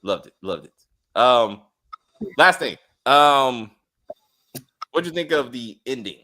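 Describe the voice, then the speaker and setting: Lively, bright-toned man hosting. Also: mid-range voice, takes it slowly. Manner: animated, joking, lots of uh fillers. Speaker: host. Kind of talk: casual review chat.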